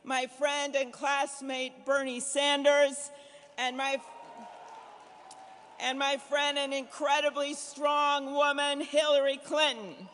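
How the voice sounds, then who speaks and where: A middle-aged woman from Minnesota giving a fundraiser dinner speech as a senator, building to punchy applause lines with a repeated refrain and slipping into brisk storytelling. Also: high voice, level tone, fairly bright tone, a little hiss or hum. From Minnesota, USA. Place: large banquet hall. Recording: reverberant hall sound.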